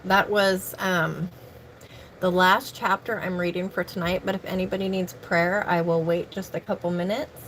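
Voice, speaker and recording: A woman with a lowish voice reads scripture on a livestream in a steady, earnest way. Off the page she talks to her viewers warmly, a little breathless and wandering. A faint hum of background noise sits under her voice. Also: moderate pace, low-quality recording. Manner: earnest, warm toward viewers, rambling when off-script. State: slightly out of breath. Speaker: livestream Bible reader. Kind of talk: Bible reading and casual chat with viewers.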